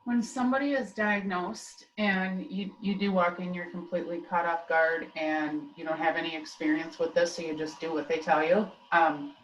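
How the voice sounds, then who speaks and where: A woman joining a webinar, asking a hesitant, halting question. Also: on the low side, steady tone, slight background noise. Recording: distant echoey room mic.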